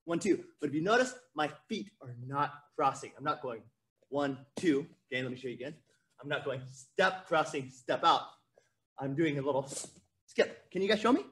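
A man's voice: fairly high pitch, animated, normal speed, a bit bright, a little hiss or hum. A man teaching a virtual martial arts class to kids, coaching energetically and counting out drills. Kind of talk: virtual kids' class instruction.

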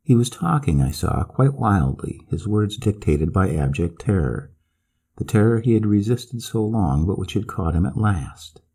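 Man, narrator, classic ghost story, lively intonation, dark and mellow tone. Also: on the low side, measured pace, slightly rough.

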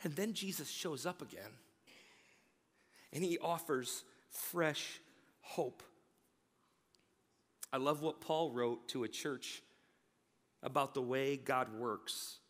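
A man preaching a sermon in a church, energetic and conversational, stammering now and then. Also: medium pitch, slow, pauses often, big-room sound. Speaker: pastor. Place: large church sanctuary.

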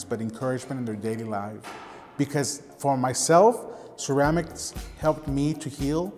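A man's voice: mid-range voice, darkish tone. Middle-aged pottery teacher guy telling stories earnestly, long echo, faint music behind. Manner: earnest, storytelling with gestures. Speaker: ceramics teacher. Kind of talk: documentary interview.

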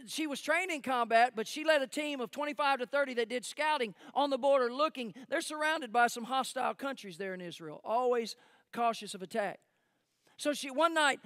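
A man preaching a sermon as pastor, telling a story emphatically and then dropping to hushed tones. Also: extremely high pitch, clean tone, dry recording. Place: church sanctuary.

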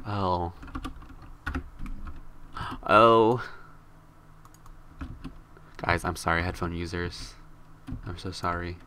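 Bright-voiced young male game streamer. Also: fairly even intonation, very slow, long pauses, a little hiss or hum. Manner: playful, jokey, squeals high when scared in the game. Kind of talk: live game streaming commentary.

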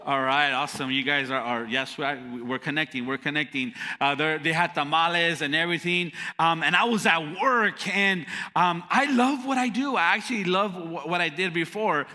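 A man's voice: a little high, normal speed, few pauses, pushed and bright. A male pastor preaching a sermon, telling stories animatedly and asking the crowd questions. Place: church hall. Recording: long church hall reverb.

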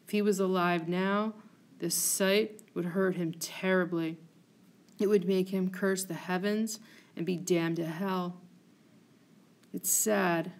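A woman's voice: lowish voice, natural voice. A woman voicing a grief-stricken, jealous male general who speaks in an anguished, brooding way.

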